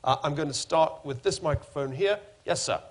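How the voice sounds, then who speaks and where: A middle-aged man moderating a public forum with a wry, lively manner. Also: moderate pace. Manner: wry, lively, rising pitch when emphatic.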